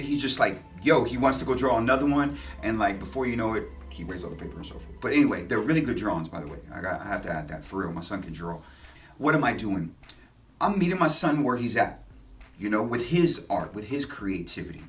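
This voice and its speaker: A man, a dad of three, giving a relaxed, chatty daily devotional with lots of fillers and animated storytelling. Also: lowish voice, fast talker, recorded from a distance. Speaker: lay preacher giving a daily Lenten reflection. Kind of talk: casual spoken devotional. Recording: voice a bit off-mic with light music behind.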